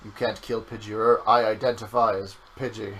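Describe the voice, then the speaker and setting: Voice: medium pitch, level tone, moderate pace, fairly bright tone, slightly rough, poor audio. A young adult game streamer in casual gameplay chat, teasing and swearing often. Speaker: game streamer playing through the game.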